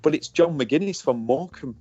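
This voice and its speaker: A man's voice: a little high, animated, a little fast, dark tone, no room sound, highs cut off. A man in his forties with a northern English accent, a former racer co-hosting a casual podcast, candid and jokey, swearing freely. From northern England.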